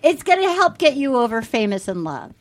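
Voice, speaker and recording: A woman hosting a podcast in casual, giggly, excitable chat with her guests. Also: sits high, brisk. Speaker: podcast host.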